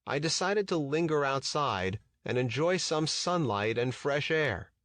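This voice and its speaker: A man narrating a first-person memoir audiobook in a measured, even reading. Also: fairly high pitch, no room sound.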